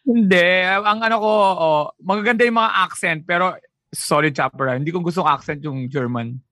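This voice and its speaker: A man's voice: high voice, fairly quick, pushed and bright, no room sound, clean studio sound. A man in casual chat, teasing the others, talking mostly in Tagalog.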